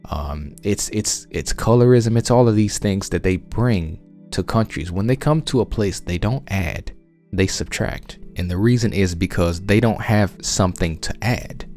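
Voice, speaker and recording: Southern US man, very low voice, insistent podcast preacher, faint music behind. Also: measured pace, darkish tone. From United States. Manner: emphatic, insistent, frequent restarts. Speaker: religious podcast host. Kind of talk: conversational Bible teaching.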